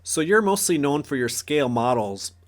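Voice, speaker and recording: A man's voice: fairly high pitch, very animated, normal speed. A man hosting a casual interview, asking a friend friendly, curious questions. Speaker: host, interviewer.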